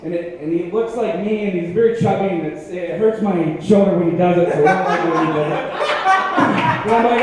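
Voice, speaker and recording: A man at an open mic, telling stand-up stories in a profane, animated, self-mocking way. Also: high voice, normal speed. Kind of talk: stand-up storytelling. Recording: echoey room with long reverb.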